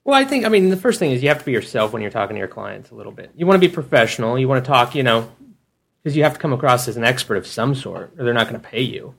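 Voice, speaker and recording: A man's voice: medium pitch, very animated, rapid-fire, gravelly. A man co-hosting a casual podcast, explaining his points step by step with easy fillers.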